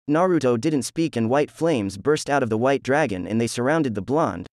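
Male narrator, steady flat read, mid-pitched, dry close recording. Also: normal speed, hardly any pauses, no room sound. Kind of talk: reading fan fiction aloud.

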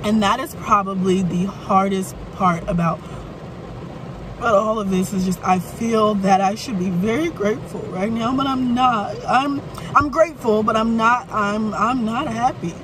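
A weary woman rants slowly from her parked car, her speech frustrated and full of stops and restarts. Faint noise from outside sits under her voice. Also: mid-range voice. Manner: frustrated, halting, many restarts. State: burnt out and weary. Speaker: vlogger. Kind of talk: venting vlog rant. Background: faint rain and vehicle ambience.

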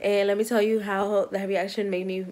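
A pregnant woman in her thirties from New York, chatting excitedly to camera in a rambling, giggly way. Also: mid-range voice, moderate pace. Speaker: vlogger, mother of five. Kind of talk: casual vlog chat to camera.

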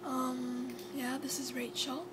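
Woman host, casual and apologetic, high voice, steady hum on the recording. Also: takes it slowly. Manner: chatty and apologetic, drops to a whisper at times. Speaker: video host. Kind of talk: casual chat. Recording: clear background hum.

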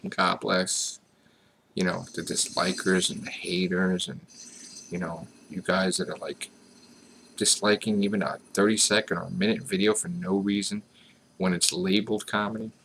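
American man, casual vlog, rambling, self-mocking, low voice, faint background noise. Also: little pitch movement, moderate pace, gravelly, a bit bright. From United States. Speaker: vlogger.

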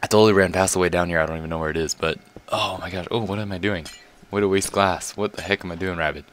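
Deep-voiced man rambling over gameplay. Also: quick pace. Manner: rambling, excitable, laughs often. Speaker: gaming video creator. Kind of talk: casual gameplay commentary.

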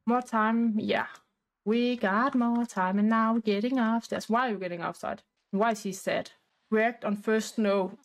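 A woman's voice: fairly high pitch, steady tone, unhurried, low-quality recording. A woman casually narrating a life-sim game playthrough in a rambling, talkative way with loose grammar. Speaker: gameplay narrator.

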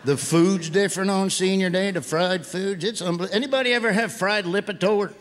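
A middle-aged man working a comedy stage, his voice sitting a little high. He spins his stories in a folksy, deadpan drawl. Steady noise from the live room runs underneath him. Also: fairly quick. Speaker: stand-up comedian. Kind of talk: stand-up comedy routine.

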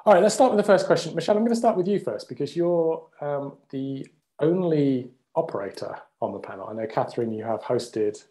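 Male webinar host, mellow tone, breezy and jokey delivery. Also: fairly high pitch, lively intonation, brisk. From United Kingdom. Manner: upbeat and jokey, with frequent restarts. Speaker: company CEO, webinar host. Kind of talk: casual webinar hosting.

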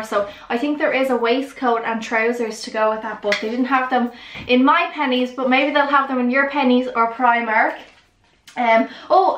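A woman's voice: fairly high pitch, a bit bright. A young woman, chatting enthusiastically through a clothing haul on her vlog. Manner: chatty and enthusiastic, lots of "really, really". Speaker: vlogger. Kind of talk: casual haul vlog chat. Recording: echoey room.

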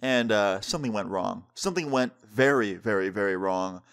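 A man's voice: fairly low pitch, animated, normal speed, fairly bright tone, clean tone. Young guy doing a storytime vlog, talks big and emphatic, slangy, just chatting to camera. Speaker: vlogger telling a story.

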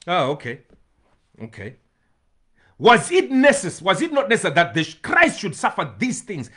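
A man preaching a sermon as pastor, swinging between loud shouts and hushed pleading, with bursts of tongues. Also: high voice, huge pitch swings, normal speed, slightly rough.

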